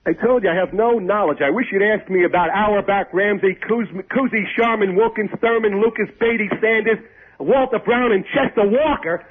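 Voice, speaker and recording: A man's voice: high-pitched, moderate pace. A man calling into a radio show over the phone, ranting brashly and profanely and repeating his phrases again and again. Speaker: phone-in caller. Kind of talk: profane ranting call-in banter. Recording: tinny phone line with a studio crowd.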